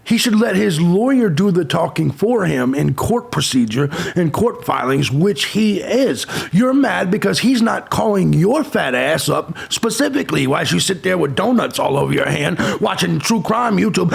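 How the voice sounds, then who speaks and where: A man's voice: high-pitched, sing-song, normal speed, gravelly, few pauses, slightly rough. A man hosting a true crime channel, ranting abrasively with insults and sarcasm. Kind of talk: profane ranting commentary.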